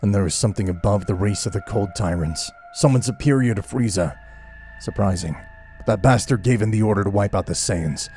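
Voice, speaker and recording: Dude doing a bitter gruff warrior muttering low and dark. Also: male voice, fairly quick, faint music behind, close to an everyday voice.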